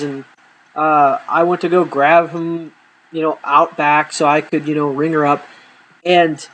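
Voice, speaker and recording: A man's voice: a little high, a little hiss or hum, poor audio. A young man telling comic stories from his own life, swearing a lot and dropping punchlines with a straight face. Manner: profane, exaggerating, deadpan punchlines. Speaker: storyteller. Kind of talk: comedic personal storytelling.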